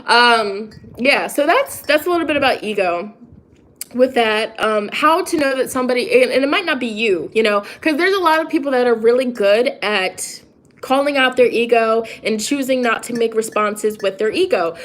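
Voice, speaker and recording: A woman's voice: a little high, normal speed. Chatty woman live-streaming on her phone. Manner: chatty, animated, preachy, self-interrupting. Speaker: tarot reader and spiritual coach. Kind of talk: casual livestream talk.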